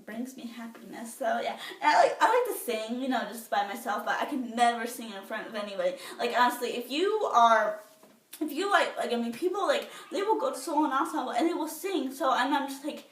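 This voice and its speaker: A woman's voice: fairly high pitch, sing-song, fairly quick. A teenage girl chatting casually to the camera, bubbly and rambling with lots of fillers and restarts. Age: teens. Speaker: vlogger. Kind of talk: casual chat. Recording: echoey room, somewhat far from the mic.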